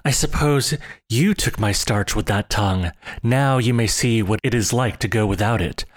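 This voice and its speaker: A man's voice: fairly low pitch, normal speed, close to an everyday voice. A man voicing a cruel, cross old woman who scolds spitefully in a storybook reading.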